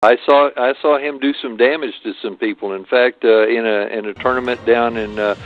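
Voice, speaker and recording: A man's voice: mid-range voice, steady tone, a little fast, soft background music. An older man recounting stories in an interview, talking in a rambling way with many hesitations and restarts. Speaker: martial arts guest. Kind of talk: storytelling interview. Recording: phone-like lo-fi line.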